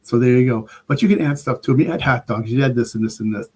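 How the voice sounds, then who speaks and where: A man's voice: medium pitch, quick pace, a little mellow, husky. Rambling older man telling stories. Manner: rambling, enthusiastic storyteller. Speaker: guest preparedness expert. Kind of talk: casual podcast conversation.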